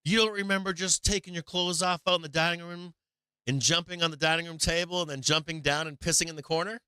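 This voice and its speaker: An upset young woman, accusing and incredulous, scolds her boyfriend, as a man quotes her in a slightly raised, bright voice. The sound is crisp and close. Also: mid-range voice, animated, very fast, no echo.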